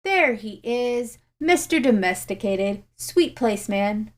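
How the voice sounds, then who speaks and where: A woman's voice: fairly high pitch, expressive, slow. A woman voicing a cheeky, laid-back young man in a read-aloud story, joking in manner.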